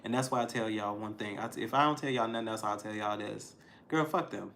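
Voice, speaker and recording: A man giving a casual tarot reading to his viewers, emphatic and frank, swinging between loud outbursts and low asides. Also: a little fast, gravelly, a little hiss or hum. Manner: frank and profane, addressing viewers directly. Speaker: tarot reader.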